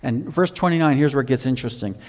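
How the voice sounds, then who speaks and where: A man preaching a sermon, telling a Bible story with animated emphasis, swinging from loud to quiet. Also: fast, big-room sound. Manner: animated storytelling, rising loud for emphasis then dropping low.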